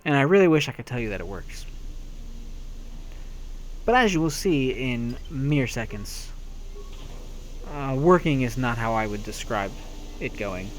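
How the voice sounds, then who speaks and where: A man's voice: medium pitch, lively intonation, unhurried, long pauses, a little hiss or hum. A man giving a playful, sarcastic voice-over commentary on a video game. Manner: sarcastic, self-mocking, playful. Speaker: let's-play commentator.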